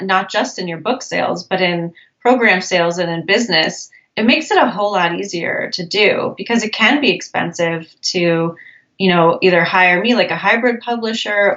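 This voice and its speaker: A woman's voice: medium pitch, fairly bright tone, dull audio. A woman publisher as an interview guest, giving upbeat, practical advice in casual chat.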